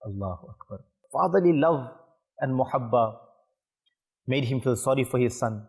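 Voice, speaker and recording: A man hosts a religious program and narrates a devotional story. His telling is emotive, swelling now and then into fervent exclamations. He speaks at an ordinary middle pitch from a studio. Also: lively intonation, moderate pace, vocal fry, pauses often, a little mellow. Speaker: religious show host.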